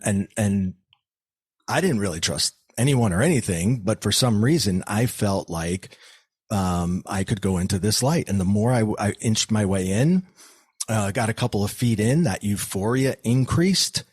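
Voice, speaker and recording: On this podcast, a male guest with a fairly low, slightly mellow and husky voice shares a personal story. His delivery is earnest, full of restarted sentences, "um"s and repeated words. The recording is dry and close-miked, without any room echo.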